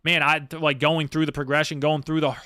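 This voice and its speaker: A man's voice: fairly high pitch, flat delivery, fairly quick, bright, forceful tone, no room sound, studio quality. A young man talking casually on a livestream, blunt and profane, rambling with lots of fillers and restarts. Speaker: streamer; Marine.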